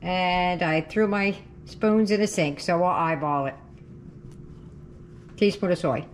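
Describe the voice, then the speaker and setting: A woman's voice: fairly low pitch, slow, slight background noise. A woman hosting a home cooking video, chatting casually and correcting herself as she cooks in her kitchen. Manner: chatty, self-correcting, talks while cooking. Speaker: cooking channel host. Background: frying and sizzling.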